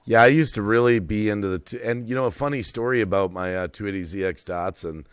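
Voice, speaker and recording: Telling stories late at night on a live stream, a middle-aged host laughs often and welcomes viewers in the chat. He speaks fast in a lowish, clean-toned voice, recorded dry.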